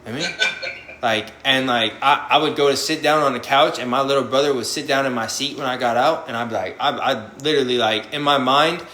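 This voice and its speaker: A man's voice: medium pitch, a little fast, bright, forceful tone, reverberant, slight background noise. A young man talking candidly and bluntly about life after prison, swearing often and acting out his own past reactions. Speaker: formerly incarcerated guest on a live panel. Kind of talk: candid conversational storytelling.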